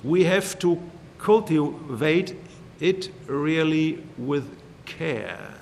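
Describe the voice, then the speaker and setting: A man preaching a sermon in a measured, emphatic way, slowly repeating his key phrases. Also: a little high, slight background noise. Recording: long hall reverb.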